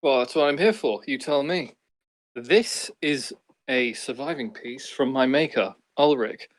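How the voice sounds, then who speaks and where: A measured, wry construct adventurer, played by a man in a tabletop game. He speaks calmly at a middle pitch with a dry edge. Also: close to an everyday voice.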